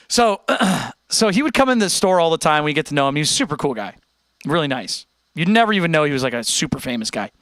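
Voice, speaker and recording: A man's voice: on the high side, dry recording. A young American man hosting a live stream, chatting casually and answering his chat. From United States. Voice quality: animated, chatty, talks straight to chat.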